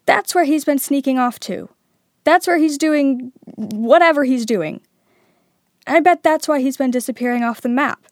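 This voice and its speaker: A woman voicing an excitable teenage boy wizard, urgent and emphatic. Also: high voice, moderate pace, no echo, clean studio sound, voice pushed up. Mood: excited.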